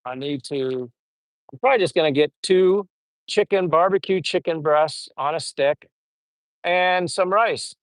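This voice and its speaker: A man's voice: fairly high pitch, measured pace, dry recording, rough recording. A middle-aged man rambling through funny old stories while reading out live chat on a casual stream. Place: home in the Philippines.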